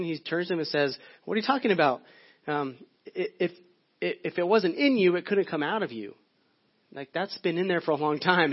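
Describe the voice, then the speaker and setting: A man preaching a sermon in a casual, conversational way, often repeating words as he searches for the phrase. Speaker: pastor. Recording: muffled low-fidelity audio.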